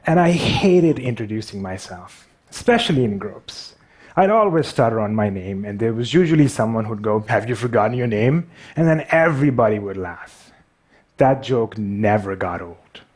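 A man's voice: fairly low pitch, lively intonation, normal speed, a little mellow, breathy edge. Wry man with a Pakistani accent. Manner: wry, self-deprecating. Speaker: speaker. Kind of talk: storytelling talk on stage.

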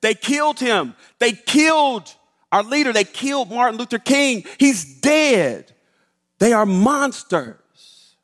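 A man's voice: very high voice, very animated, slow pace, a bit bright, in a large hall, pitched above the performer's own voice, exaggerated voice. A man voicing a grieving, distraught middle-aged woman who works as a housemaid, speaking with anguished emphasis.

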